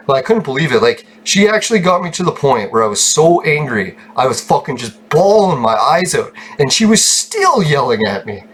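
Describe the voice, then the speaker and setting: A man's voice: a little high, sing-song, brisk, few pauses, fairly bright tone, a little hiss or hum. A young man, chatting casually while gaming, rambling, swearing freely and laughing often. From Canada. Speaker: gaming channel host.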